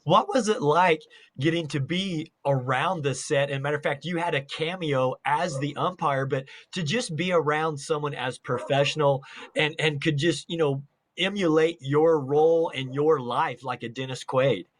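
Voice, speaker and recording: A man's voice: a little high, moderate pace. Upbeat man hosting an interview show. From Salt Lake City area, United States. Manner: energetic, hype-style intro. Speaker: podcast host.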